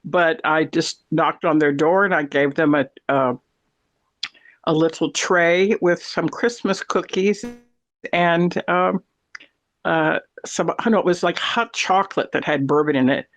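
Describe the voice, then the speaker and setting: A man in a casual chat, telling long stories in an animated, rambling way. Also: fairly high pitch, unhurried.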